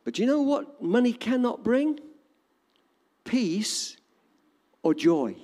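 A man's voice: extremely high pitch, sing-song, slow pace, mellow, big-room sound. An older man with an English accent preaching a sermon in an emphatic, repetitive cadence. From England.

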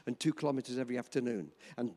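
A man in his seventies preaching a sermon, telling a personal story in an animated, chuckling way. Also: mid-range voice, rapid-fire. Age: 70s. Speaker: pastor.

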